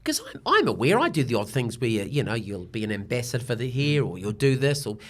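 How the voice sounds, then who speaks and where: Lively older New Zealand man. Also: medium pitch, fast. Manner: animated storyteller, slips into quoted voices. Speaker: broadcaster guest. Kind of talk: casual interview chat.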